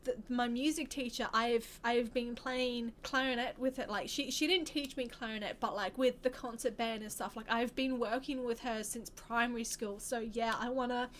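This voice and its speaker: A woman's voice: on the high side, steady tone, moderate pace, few pauses, fairly bright tone, a little hiss or hum. An Australian woman in her twenties telling a personal story to camera, candid and rambling, often restarting her sentences. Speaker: vlogger.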